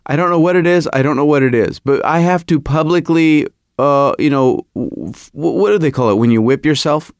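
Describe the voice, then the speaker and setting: A middle-aged man hosting a podcast, telling a comic story in a rambling, animated, self-mocking way. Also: a little high, moderate pace, no room sound, clean studio sound. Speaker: podcast host. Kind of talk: comedic podcast monologue.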